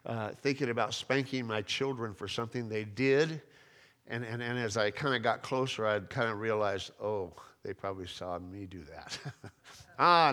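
A man's voice: medium pitch, a bit bright. A middle-aged man preaching a sermon, talking conversationally and rising to emphatic peaks, with frequent restarts. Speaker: pastor.

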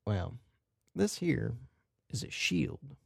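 A man's voice: medium pitch, sing-song, slow, vocal fry, husky, no room sound, studio quality, pitched above the performer's own voice, exaggerated voice. A man voicing an eager male shopkeeper in a tabletop game, pressing his wares on a customer. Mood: salesy. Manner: salesman patter, pressing items on the buyer. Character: eager male shopkeeper merchant, pushy and generous.

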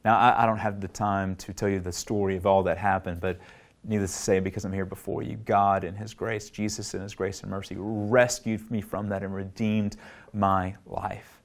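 Middle-aged guy preaching, lowish voice, earnest, swings from loud emphatic bits to quiet low ones. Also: flat delivery, moderate pace. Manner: earnest, rising to emphatic peaks then dropping low and soft. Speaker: pastor. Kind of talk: sermon.

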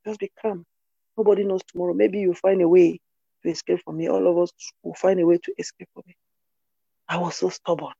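A woman's voice: fairly low pitch, vocal fry, warm tone, breathy edge, no echo. A woman from Cameroon, giving an earnest personal testimony in an interview and repeating phrases for emphasis. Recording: dull, dry lo-fi recording.

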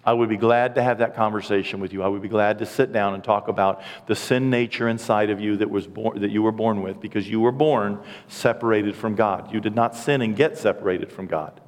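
A man's voice: fairly low pitch, fairly even intonation, brisk, few pauses, in a large hall. A man in his sixties preaching as a pastor in a church, earnest and emotional, with self-deprecating asides. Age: 60s. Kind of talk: sermon. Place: church sanctuary.

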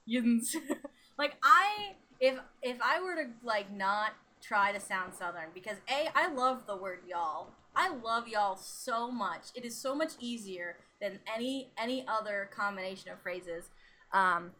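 A woman from the northern US chatting casually, animated, laughing often and acting out quotes. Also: medium pitch, measured pace, slight background noise. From Pittsburgh area, US North. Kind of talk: casual chat.

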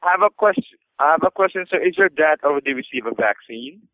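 A man's voice: fairly high pitch, animated, quick pace, no echo. A man working as a customer service agent, polite and formal, apologizing and saying sir often, heard over a phone line.

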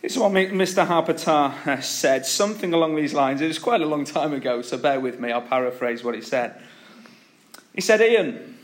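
A man's voice: a little high, fairly quick. A man preaching an earnest, emphatic sermon, telling stories between his points. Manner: earnest, emphatic, with storytelling asides.

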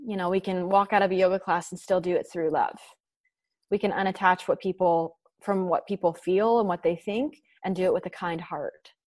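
A woman talking earnestly on a podcast, encouraging listeners in gentle spiritual language. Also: on the low side, fairly even intonation, normal speed, no echo. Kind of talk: reflective podcast conversation.

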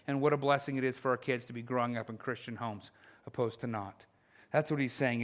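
A man preaching a sermon as a pastor, explaining scripture with animated emphasis that swings from loud declarations to soft, earnest appeals. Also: on the high side.

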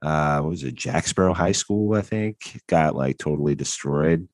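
Very deep-voiced laid-back man. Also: expressive, moderate pace, a little mellow, no echo. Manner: laid-back, joking, lots of fillers. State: stuffy from allergies. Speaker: podcast co-host and therapist. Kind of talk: casual chat.

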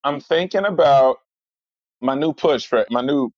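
A man's voice: medium pitch, a little slow, no room sound, highs cut off. A man chatting casually, telling rambling stories full of fillers and restarts. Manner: rambling, animated storyteller with many fillers. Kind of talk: casual chat.

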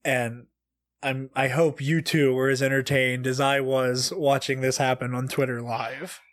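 A man hosting a casual fan podcast, excitable and quick to swear, reading aloud with big exaggerated reactions. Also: medium pitch. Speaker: podcast host.

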